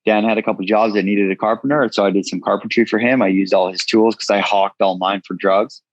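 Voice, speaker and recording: Low-voiced guy telling his story straight, swears a lot, dry dull-ish audio. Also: fairly even intonation, a little fast, no room sound. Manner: frank, casual, swears freely. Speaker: guest, entrepreneur. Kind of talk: candid storytelling interview.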